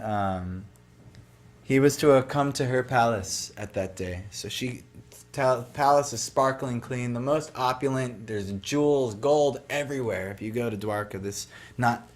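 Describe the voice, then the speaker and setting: Male devotional speaker, casual storyteller, mid-pitched, chatty and loose, heavy on filler words. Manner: loose, conversational, lots of "like" and "you know".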